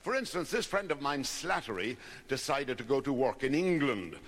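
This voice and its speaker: A man telling folksy jokes and stories, putting on lively voices for the people in them. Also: medium pitch, normal speed. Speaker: comedian. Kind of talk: recorded stand-up storytelling. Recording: long hall reverb.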